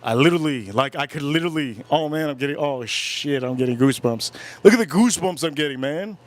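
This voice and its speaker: A man's voice: on the high side, quick pace. A man hosting a live stream, telling a ghost story casually, repeating himself and stopping to mention his goosebumps. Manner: animated, repetitive, keeps breaking off about goosebumps. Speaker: whiskey channel host.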